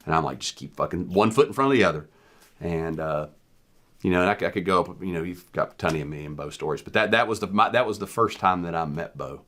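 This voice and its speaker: A man co-hosting a podcast, telling profane, animated stories about his time in the military in a casual chat. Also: deep voice, quick pace. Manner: profane, animated war storyteller. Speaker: podcast co-host.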